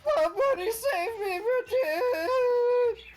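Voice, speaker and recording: A stream guest voicing a panicky, cowardly young man who whines and pleads in a shrill voice. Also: animated, normal speed, loud music behind the voice. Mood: screaming. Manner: shrieking, whiny, pleading.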